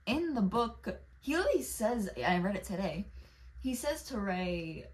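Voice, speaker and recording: A woman's voice: medium pitch, sing-song, moderate pace. A woman talking casually to camera, rambling through asides and swearing freely. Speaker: video creator. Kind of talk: casual vlog analysis.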